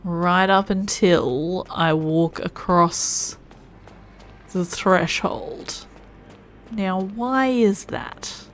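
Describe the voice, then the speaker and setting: A woman's voice: fairly low pitch, very slow, slight background noise. A woman streaming a video game, thinking aloud and musing to herself as she plays. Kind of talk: casual gameplay commentary.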